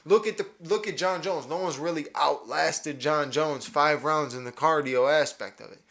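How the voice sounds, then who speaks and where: A young man hosts his podcast alone, talking through fight predictions with eager energy. His voice sits a little high for a man, and he stumbles into repeats and restarts as his thoughts run ahead. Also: moderate pace, fairly bright tone. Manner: enthusiastic, repeats words and restarts often. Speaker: podcast host. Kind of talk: solo fight breakdown.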